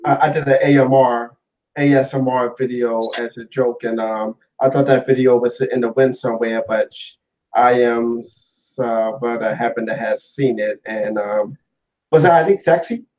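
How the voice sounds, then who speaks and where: A man's voice: medium pitch, fairly even intonation, normal speed, darkish tone. Man on a muffled, distant gaming headset. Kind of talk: casual chat. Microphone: wireless gaming headset.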